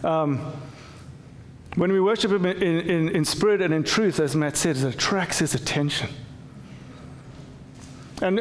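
A man's voice: fairly high pitch, in a large hall. A man preaching a conversational sermon as pastor, with frequent restarts and repeated words. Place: church.

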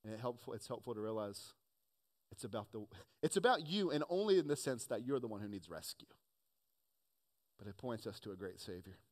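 A man preaching a sermon with earnest emphasis, rising to loud points and dropping to quiet asides. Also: fairly low pitch, animated, fairly quick, pauses often. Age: adult, has children. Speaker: pastor.

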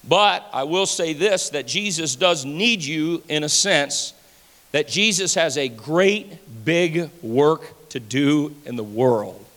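A man's voice: on the high side, animated, takes it slowly. A pastor preaching a fervent sermon to his church. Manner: fervent preaching, rising to shouts. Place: church sanctuary. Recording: hall reverb.

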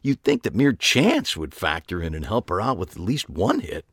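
A man voicing a gruff older widower who talks in a flat, deadpan way for an audiobook. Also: low-pitched, moderate pace, dry recording, studio quality, full character voice. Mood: reminiscing. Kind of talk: audiobook character voice.

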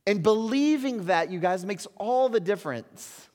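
A middle-aged pastor preaches in an unhurried, deliberate way, his voice sitting a little high for a man. He moves from quiet, confiding asides to rousing exhortation, always earnest. His words ring out with the long reverb of a large church hall. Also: lively intonation. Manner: earnest, swings between soft confiding and loud exhortation. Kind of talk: sermon.

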